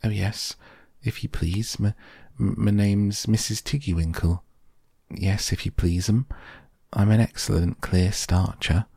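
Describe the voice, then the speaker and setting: A man playing a stout, anxious hedgehog washerwoman from a storybook, fussing over her laundry with endless polite "if you please" phrases. The voice is husky and gravelly, lifted a little above a deep speaking voice, dry and close. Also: fairly even intonation, measured pace, warm tone, no room sound, heavily acted. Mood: fussing politely.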